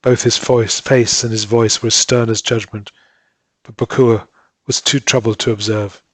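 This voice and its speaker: A man narrating a story as an audiobook reader in a steady, measured way. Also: mid-range voice, slightly rough, no echo. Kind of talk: scripted narration.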